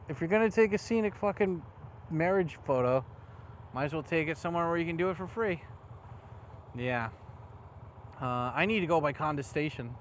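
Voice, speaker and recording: Swearing man ranting outdoors in traffic. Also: on the high side. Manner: rambling, heavy swearing, angry. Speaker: motovlogger. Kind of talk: casual riding vlog rant. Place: outdoors on city streets while riding. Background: faint traffic noise.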